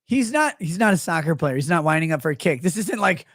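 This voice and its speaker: A sarcastic man riffing on the news as a livestream host. He mocks the people he describes and slips into quick put-on voices for them. The sound is dry and close, with almost no room. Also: on the high side, sing-song, fairly bright tone, no echo. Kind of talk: casual commentary.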